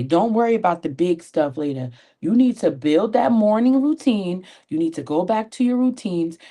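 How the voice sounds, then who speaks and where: A woman with a low, mellow voice talks through her makeup at a home vanity, recorded on a tablet. She is animated and encouraging, full of folksy asides, as she chats to her viewers. It comes across as a personal motivational chat. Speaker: beauty vlogger and sales consultant. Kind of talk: chatty motivational talk while doing makeup. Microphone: tablet camera at her vanity.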